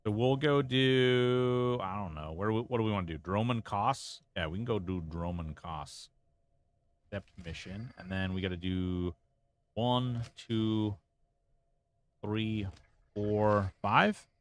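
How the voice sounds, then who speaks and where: A man's voice: on the low side, slow, dry recording. A man streaming a game and chatting casually, rambling and reacting as he plays, swearing freely into a close desk mic. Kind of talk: casual live-stream gameplay commentary.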